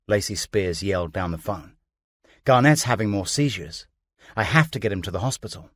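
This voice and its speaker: A man reads a true-crime audiobook in a measured, even way, his voice sitting on the low side. The studio recording is dry and close, with no room echo at all. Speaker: audiobook narrator. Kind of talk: scripted true-crime narration.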